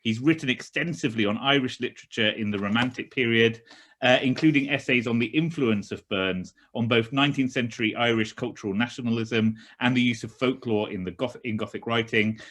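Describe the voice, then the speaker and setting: A man hosting an online event, introducing a guest in a halting way with many fillers and restarts. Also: medium pitch, a bit bright. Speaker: event host. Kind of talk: hesitant casual introduction. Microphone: video call.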